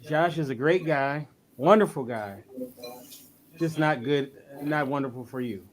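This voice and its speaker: A man's voice: fairly high pitch, unhurried. A man hosting a casual radio talk show, upbeat as he sets up a role-play segment. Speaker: host.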